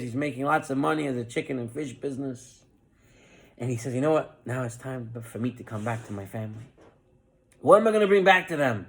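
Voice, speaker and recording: A man's voice: mid-range voice, gravelly. A man, a rabbi, giving a Torah class, telling a parable. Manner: animated parable-telling with lively voiced quotes.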